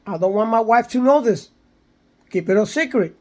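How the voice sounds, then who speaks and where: A man's voice: high-pitched, expressive, normal speed, darkish tone. A man quoting a flustered married man on the phone in a retold story, defensive and denying.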